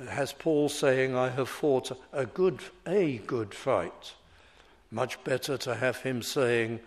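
A man preaching a sermon at an unhurried, deliberate pace. His voice sits at an ordinary middle pitch. He explains scripture carefully and leans on each quoted verse. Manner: measured expository preaching, slowing to stress quoted scripture.

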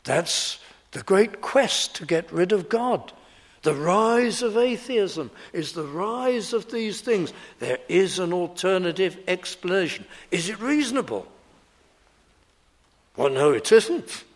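A male preacher delivers an expository sermon in a slightly raised voice that rises and falls with wide, lively swings of pitch. He keeps an unhurried, deliberate pace and hammers each point home by repeating its key phrases.

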